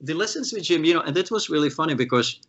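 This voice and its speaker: A man from the Czech Republic, a guest guitarist, telling animated stories in an interview and acting out the voices of the people he quotes, with many restarts. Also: fairly high pitch, fast, dull audio. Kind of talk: storytelling in an interview.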